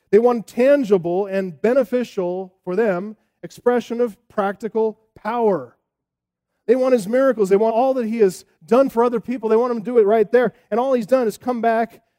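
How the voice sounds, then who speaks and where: A man's voice: high voice, dark tone. A man preaching a sermon, emphatic and rising and falling, sometimes acting out the taunts of a crowd. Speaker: pastor.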